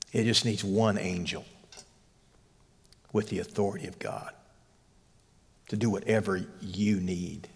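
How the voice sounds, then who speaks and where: Male church Bible teacher, emphatic lecture, hushed asides, long hall reverb. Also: fairly low pitch. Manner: emphatic, drops to a hush on key lines.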